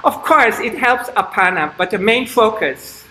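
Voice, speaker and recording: A man teaching a live online kids' yoga class over a video call, speaking in a slow, halting way with stops and restarts. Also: high-pitched, expressive, bright, forceful tone. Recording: echoey room, faint background noise.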